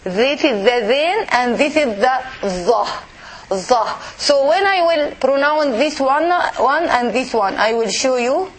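A woman with as her leads a pronunciation lesson and drills each syllable patiently. Her voice sits high and she speaks slowly. A faint noise runs under the recording. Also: lively intonation, rough recording. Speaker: Arabic teacher. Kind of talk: language lesson for women.

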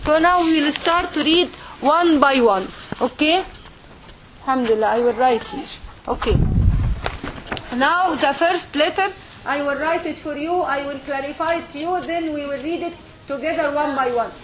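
In this classroom lesson, a high-pitched woman teaching Arabic and the Quran speaks at a normal speed over some background noise. She repeats points and keeps checking comprehension with "okay?"

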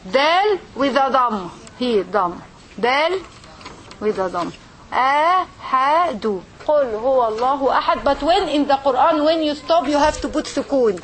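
This Arabic and Quran teacher is a woman with a high, animated voice who takes her classroom lesson slowly. She repeats material and checks understanding with frequent "okay?", and a little hiss or hum is audible.

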